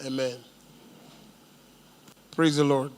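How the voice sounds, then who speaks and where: A man's voice: medium pitch, flat delivery, slow pace, slight background noise. A man with a Kenyan accent preaching a prophetic sermon in church, commanding and decreeing, with Swahili asides. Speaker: pastor. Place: church service.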